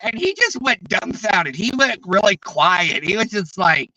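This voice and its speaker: A man's voice: high-pitched, animated, unhurried, sharp tone, no room sound, low-quality recording. A man telling stories in a casual, profane and exasperated way, rambling with restarts. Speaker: streamer. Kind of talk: casual storytelling chat.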